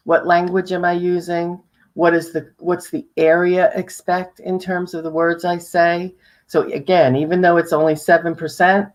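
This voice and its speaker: A woman originally from New York, coaching viewers on presenting, with big upward pitch swings for emphasis and frequent rhetorical questions. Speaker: guest speaker on sales presentations.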